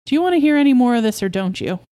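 A woman's voice: on the high side, lively intonation, racing, warm tone, pitched above the performer's own voice, natural voice. A smug beekeeper husband from a storybook, as a woman reader puts him on. He lectures and insists in a self-satisfied tone, only lightly set apart from the reader's own voice.

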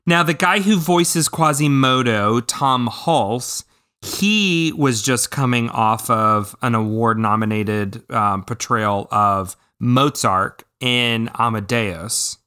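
A man in a casual podcast chat about movies, his voice bright and forward with a smooth, clean tone. He talks eagerly, piling up ums and restarting his sentences as he goes. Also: mid-range voice, slow. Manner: enthusiastic, with frequent ums and restarts. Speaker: podcast co-host.

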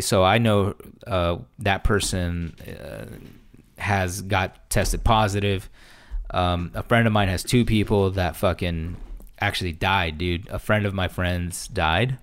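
A man's voice: low-pitched, steady tone, unhurried, a bit bright. A man in casual conversation, rambling with lots of fillers and restarts, swearing freely. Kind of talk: casual chat.

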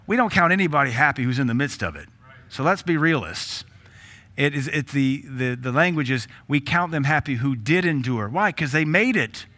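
Blunt, bright-voiced pastor preaching. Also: male voice, medium pitch, lively intonation, moderate pace. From Tennessee. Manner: blunt, humorous preaching with rhetorical questions; laughs between points. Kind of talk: sermon.

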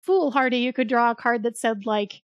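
A woman's voice: on the high side, normal speed, dry recording, clean studio sound. A young woman co-hosting a podcast, chatting casually with lots of likes and rights and easy laughs. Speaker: podcast co-host. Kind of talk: casual chat.

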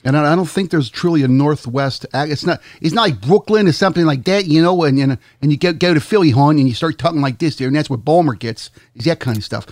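A man's voice: on the high side, fast talker, few pauses, a little mellow, dry recording, studio quality. Rambling Baltimore man, joking. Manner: rambling, joking, playfully opinionated. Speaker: co-host. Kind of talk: casual podcast chat.

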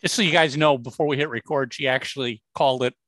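A man's voice: medium pitch, fairly even intonation, fast, a bit bright, slight background noise. A man hosting a casual podcast, teasing his co-hosts and often restarting his sentences. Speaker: podcast host.

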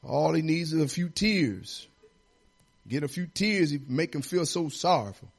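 A man's voice: fairly high pitch, expressive, a little slow, breathy edge. A man pastor preaching a sermon in a folksy, repetitive, exhorting way, building emphasis as he goes.

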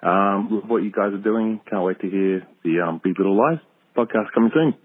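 A man from Australia with an Australian accent, leaving an excited phone message for a podcast. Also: on the low side, a little fast, husky. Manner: excited, exclamatory. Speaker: caller. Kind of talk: voicemail message. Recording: tinny phone line, dry.

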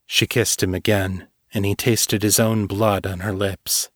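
A man who is an author and podcast host, reading his fiction in a measured, deliberate way. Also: fairly low pitch, flat delivery, a bit bright, no room sound, studio quality. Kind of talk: scripted fiction narration.

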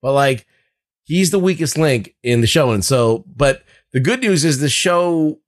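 A man's voice: a little high, animated, unhurried, no room sound, clean studio sound. A man co-hosting a podcast, chatting casually about a show with lots of fillers and swearing. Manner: rambling, profane, lots of fillers. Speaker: podcast co-host. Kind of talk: casual review chat.

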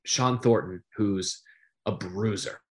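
A middle-aged man, a sportscaster guest, telling stories in a casual interview, animated and full of fillers. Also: fairly low pitch, slow pace. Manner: animated storyteller with many fillers.

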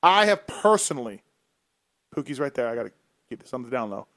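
A man's voice: medium pitch, sing-song, brisk, fairly bright tone, no room sound. A man hosting a moto talk show, teasing his co-hosts and fielding callers with lots of laughs. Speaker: podcast host. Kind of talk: casual studio banter. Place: radio-style studio.

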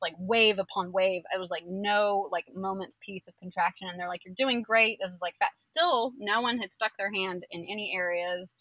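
A young woman telling her birth story in casual chat, animated and full of fillers, acting out the people she quotes. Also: medium pitch, no room sound.

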